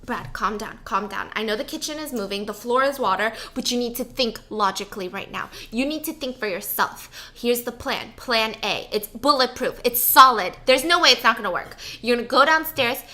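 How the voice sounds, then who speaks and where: A woman's voice: a little high, animated, brisk, few pauses, bright, forceful tone. A woman voicing a frazzled grown man on mushrooms who mutters anxious self-talk while retelling a story. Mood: self-coaching.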